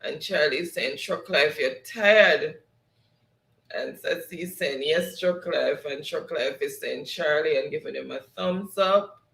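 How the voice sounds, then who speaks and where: A man's voice: a little high, a little slow, gravelly, bright, forceful tone, reverberant, low-quality recording. Laughing Jamaican man reading comments. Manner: laughs often, reads comments aloud in patois. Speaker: show host. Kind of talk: casual live-stream chat, reading viewer comments.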